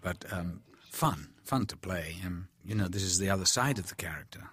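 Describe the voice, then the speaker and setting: A man, an actor commenting on a film, telling candid stories in an animated, chatty way. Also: sits low, normal speed. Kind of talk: film commentary, anecdotal chat.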